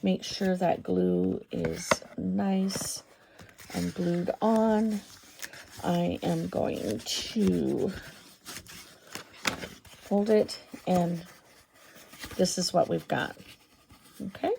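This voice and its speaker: A woman hosting a papercraft tutorial, talking through each step in an unhurried, think-aloud way. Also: lowish voice, creaky, noisy background. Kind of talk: craft tutorial demonstration.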